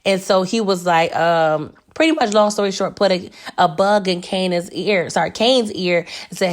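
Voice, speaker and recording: A woman with a strained, hoarse voice chatting casually through a TV episode recap, animated and laughing often. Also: fairly low pitch, measured pace. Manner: animated, laughing, talks to viewers as "y'all". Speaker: TV recap reviewer.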